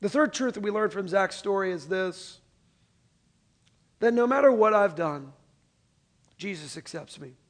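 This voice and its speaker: A man preaching a sermon as pastor in a casual, conversational way, calling on the congregation to answer and dropping from loud emphasis to soft, quiet lines. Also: sits high, animated, a little slow, pauses often.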